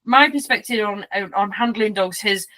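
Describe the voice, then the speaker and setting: A woman's voice: mid-range voice, moderate pace, sharp tone. A young woman hosting a casual chat, telling stories and acting out quotes. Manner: chatty, acts out quotes in voices. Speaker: host.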